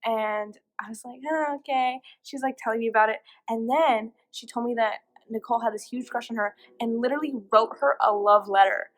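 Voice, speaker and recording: A woman's voice: a little high, steady tone, fairly quick, hardly any pauses, poor audio. Chatty teen girl telling a story. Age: teens. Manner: chatty, filler-heavy, acts out quoted lines. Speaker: interviewee. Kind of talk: casual storytelling.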